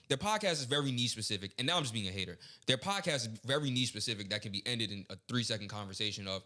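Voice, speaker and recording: A man's voice: medium pitch, animated, quick pace, pushed and bright. A young man co-hosting a podcast, ranting bluntly and profanely in casual chat. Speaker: podcast co-host.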